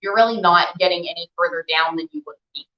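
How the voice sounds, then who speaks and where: A woman's voice: lowish voice, fast. Chatty young woman coaching a stretch. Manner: chatty, encouraging, filler-heavy. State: out of breath while stretching. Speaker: stretching instructor. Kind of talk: live stretching class. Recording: echoey room, dull lo-fi sound.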